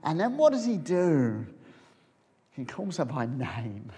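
A man preaching a sermon, retelling a story as if picturing it, dropping to a hush and then rising again. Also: a little high, very animated, takes it slowly, breathy edge, big-room sound. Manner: storytelling, imagining scenes aloud, swinging from loud to hushed.

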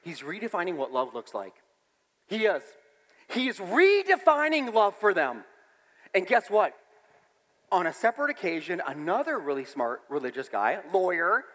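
Pastor, male: bright, animated delivery, big pitch swings, church reverb. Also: normal speed. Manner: animated storytelling, breaks into song and shouts. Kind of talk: sermon.

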